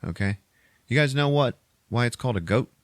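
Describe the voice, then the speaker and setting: A man's voice: medium pitch, expressive, brisk, no room sound, studio quality. A man in his forties, a podcast host, recapping a movie in casual, profane, rambling chat full of fillers.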